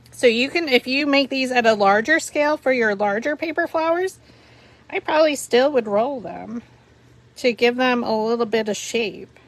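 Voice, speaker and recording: A woman hosting a live paper flower tutorial, talking through each step as she works and chatting and laughing with viewers. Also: a little high. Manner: chatty, giggly, talks through steps while working.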